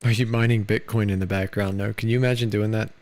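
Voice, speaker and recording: A man's voice: on the low side, fairly even intonation, fast talker, a little mellow, dry recording. An American man chatting casually on a live stream, loose and rambling, full of "dude" and "like".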